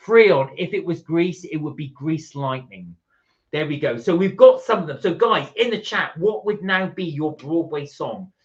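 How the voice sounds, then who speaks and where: A man's voice: a little high, lively intonation, moderate pace. A man co-hosting a live stream, chatting casually and reading viewer comments aloud. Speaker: livestream co-host. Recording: dull lo-fi stream audio.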